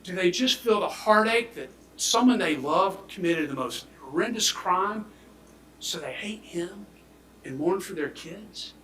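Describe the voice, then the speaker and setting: A man delivers a prosecutor's closing argument, speaking emphatically and swinging between loud declarations and hushed near-whispers. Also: high voice, lively intonation, unhurried, slight background noise. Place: courtroom. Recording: echoey courtroom audio from far off.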